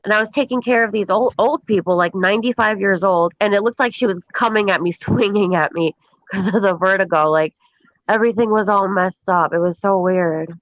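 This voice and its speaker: A woman's voice: medium pitch, brisk, dry recording. A woman of Polish origin chatting on a live stream, giggly and talkative. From Poland. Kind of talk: casual live-stream chat. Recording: dull, dry call audio.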